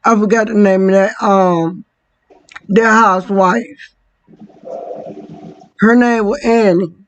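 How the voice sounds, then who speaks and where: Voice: mid-range voice, fairly even intonation, slow pace, dull audio. Laid-back host asking questions. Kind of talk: casual chat.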